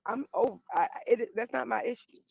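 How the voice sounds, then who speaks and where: A woman's voice: a little high, brisk, gravelly, darkish tone, breathy edge, no room sound. A woman calling in to a stream, defending herself and repeating her points, heard over a glitchy, muffled microphone. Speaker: call-in guest. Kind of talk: heated casual chat. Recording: muffled glitchy call-in mic.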